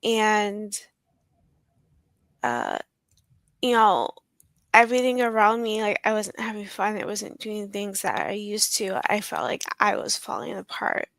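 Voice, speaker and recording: A woman telling her personal story in an interview, hesitant, with many ums and pauses. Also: medium pitch, lively intonation, fairly bright tone, dry recording. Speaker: guest sharing her survival story.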